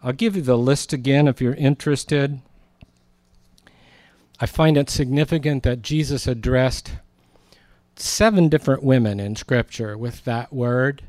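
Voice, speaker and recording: A man's voice: mid-range voice, measured pace, a little mellow, dry recording. A man preaching a sermon in a conversational, storytelling way, acting out quoted lines.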